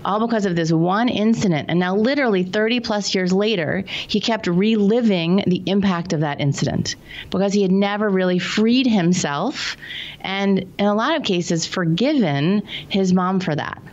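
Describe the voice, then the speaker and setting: A woman's voice: mid-range voice, normal speed, darkish tone, muffled recording. A woman guest on a podcast, a money coach telling client stories in an earnest, casual way. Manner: earnest, anecdotal, acts out quotes. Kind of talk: casual interview storytelling.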